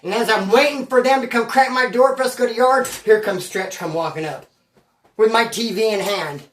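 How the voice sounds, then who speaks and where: A man's voice: high voice, a little fast, fairly bright tone, far from the mic. Streetwise man in a roomy, off-mic echo. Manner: streetwise slang, profane, rambling with restarts. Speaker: former prisoner telling a prison story. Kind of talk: casual storytelling to camera.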